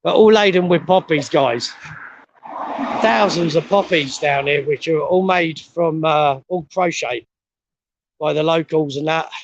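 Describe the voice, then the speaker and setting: Middle-aged man, winded, gravelly and plain-spoken, swears freely, casual outdoor walking vlog. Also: fairly high pitch, unhurried, muffled recording, slight background noise. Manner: blunt, swears a lot, rambling. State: out of breath. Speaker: vlogger. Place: outdoors on a steep hill road.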